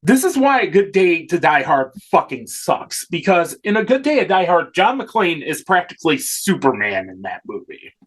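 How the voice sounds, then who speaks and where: A man's voice: a little high, very animated, moderate pace, few pauses, slightly rough. A man co-hosting a casual film discussion, enthusiastic and swearing freely. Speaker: podcast co-host.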